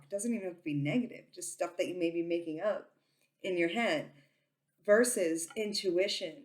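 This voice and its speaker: A woman who reads tarot, talking casually to her viewers and saying she talks very loudly, with lots of ums and restarts. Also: on the low side. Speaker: tarot reader and psychic. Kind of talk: casual informational talk to camera.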